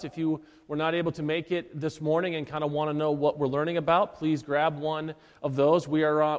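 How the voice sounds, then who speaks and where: Man leading church announcements in a reverberant sanctuary. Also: a little high. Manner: folksy, with gentle asides. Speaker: pastor reading announcements and leading prayer. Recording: long reverb of a church hall.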